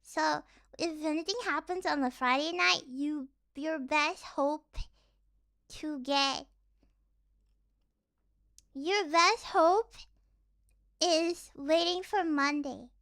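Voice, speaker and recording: Casting: young woman streamer, high bright voice, unhurried, rambling and giggly. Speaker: virtual streamer. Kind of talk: casual livestream chat.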